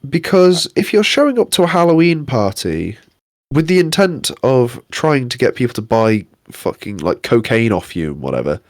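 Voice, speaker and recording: A man's voice: mid-range voice, very animated, moderate pace, no echo, studio quality. A young man co-hosting a podcast, ranting in a casual, sweary, exasperated way. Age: young adult. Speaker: podcast co-host.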